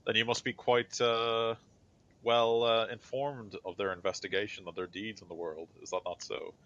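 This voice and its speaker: A man's voice: fairly low pitch, level tone, moderate pace, a bit bright, a little hiss or hum, voice pushed up, close to an everyday voice. A man voicing a stern male inquisitor who presides over a trial, formal and interrogating, on a dull lo-fi recording.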